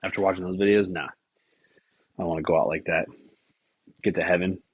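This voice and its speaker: A man's voice: low voice, fairly even intonation, fairly quick, breathy edge, no room sound, dull audio. A young man hosting a podcast, telling rambling, profane stories full of fillers in a casual way. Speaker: podcast host. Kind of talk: casual storytelling.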